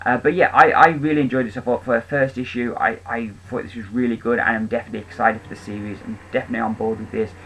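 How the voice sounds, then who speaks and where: A man's voice: mid-range voice, fairly even intonation, fast, few pauses, a bit bright, slightly rough, low-quality recording. A man giving a casual, enthusiastic spoken review of comic books, rambling with frequent ums and restarts.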